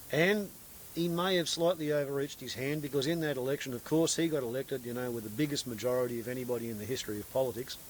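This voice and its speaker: A man's voice: medium pitch, a little hiss or hum, low-quality recording. An Australian man ranting about politics in an unscripted monologue, sarcastic, crude and scornful. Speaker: political commentator.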